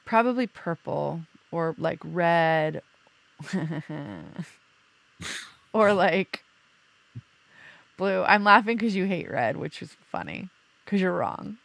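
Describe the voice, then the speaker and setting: Woman podcast host, chatty and loose, easy laugh, gravelly edge, dry close sound. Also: fairly low pitch, expressive, slow, a bit bright, no room sound. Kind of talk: casual chat.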